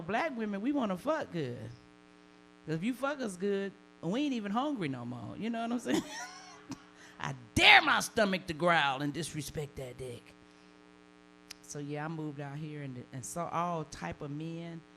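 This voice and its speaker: A woman from the Deep South with a Southern accent, performing bawdy, animated live stand-up comedy and laughing at her own jokes. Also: slight background noise, rough recording. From Deep South of the United States. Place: comedy stage before a live audience.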